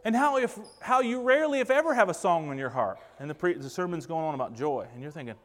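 A man's voice: on the high side, lively intonation, fast, few pauses, a bit bright. A man preaching a sermon, speaking emphatically and posing rhetorical questions to the congregation. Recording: long reverb of a large hall.

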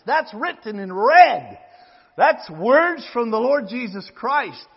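A man preaching a sermon, reading scripture slowly and rising to loud, emphatic appeals to the congregation. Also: high voice, very animated, slightly rough, big-room sound, lo-fi sound.

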